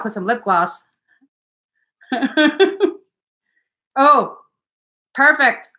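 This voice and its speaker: A woman's voice: a little high, expressive, slow, long pauses, bright, forceful tone. A young woman chatting casually on a livestream as a spiritual energy reader, giggly and playful, swearing now and then.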